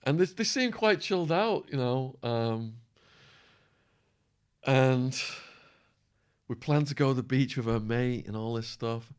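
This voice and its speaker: A man guest on a podcast, telling a wild story with lively acted-out quotes, swearing and laughing along the way. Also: medium pitch, measured pace, long pauses, clear, resonant tone. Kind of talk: animated storytelling.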